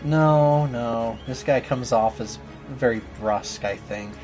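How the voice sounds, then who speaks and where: A man's voice: mid-range voice, takes it slowly, over music. A man playing a game and trying out character voices, chatting casually in a self-deprecating way.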